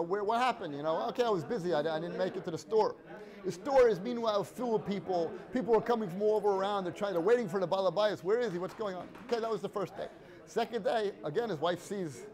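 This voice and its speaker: A man teaching an informal Torah class in a conversational storytelling way, acting out the people in his stories. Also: sits high. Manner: conversational, storytelling with Hebrew and Yiddish-inflected terms, acts out quotes.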